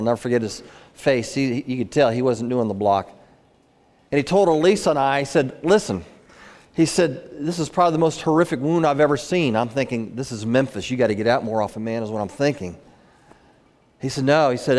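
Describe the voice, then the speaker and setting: A man's voice: medium pitch, darkish tone. A middle-aged man, a guest speaker, telling a personal story earnestly to an audience, repeating phrases as he goes. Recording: long hall reverb.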